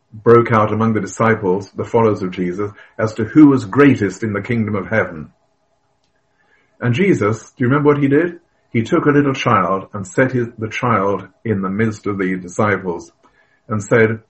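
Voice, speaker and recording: A man preaching a sermon, earnest and emphatic, telling stories with the odd filler and cleared throat. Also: on the low side, normal speed, rough recording.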